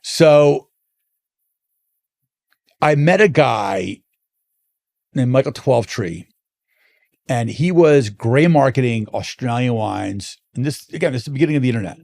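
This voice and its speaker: Gravelly man telling a story. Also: medium pitch, a little slow, long pauses. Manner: animated anecdotes with frequent restarts. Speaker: guest, wine importer. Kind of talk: storytelling in a casual interview.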